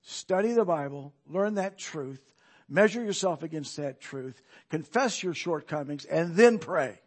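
A preacher delivers a talky, emphatic sermon, repeatedly posing rhetorical questions to the congregation. His voice is high for a man, slightly husky and breathy, with a darkish tone, and he sounds animated while speaking a little slowly.

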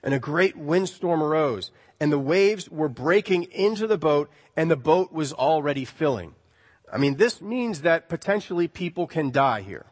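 A man's voice: a little high, animated, normal speed, long reverb tail. A male preacher giving a sermon, telling a story in a conversational way with rhetorical questions.

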